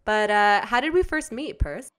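Woman, 20s, podcast co-host, casual chat, animated storytelling, resonant smooth voice. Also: mid-range voice, normal speed. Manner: animated storyteller who teases her friend.

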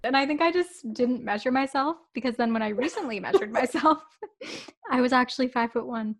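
Giggly young woman with a higher voice. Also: a little fast. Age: 20s. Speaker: podcast co-host. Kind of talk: casual chat.

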